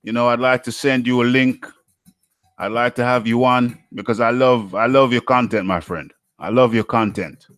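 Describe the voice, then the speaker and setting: A man's voice: mid-range voice, steady tone, moderate pace, fairly bright tone, dry recording, faint music behind. A man hosting a live boxing talk stream, reading out viewer comments and chatting back to them, often saying things twice in an upbeat way. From United Kingdom. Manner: repeats his phrases, chatty and upbeat.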